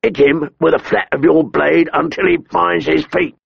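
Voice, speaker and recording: A sharp-tongued, cold master-at-arms who sneers at his pupils with cutting contempt, put on by a man reading an audiobook. The voice is a touch raised above the reader's own, with a gravelly edge. The recording is dry and a little dull. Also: on the high side, fairly even intonation, moderate pace, dry recording, voice pushed up, exaggerated voice. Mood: cold taunting. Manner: taunting, mocking. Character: cold, cruel middle-aged male master-at-arms.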